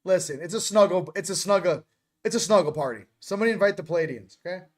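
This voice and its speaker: A man's voice: sits high, quick pace. A man hosting a casual morning chat, joking and rambling as he goes. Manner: joking, rambling, self-interrupting. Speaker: host.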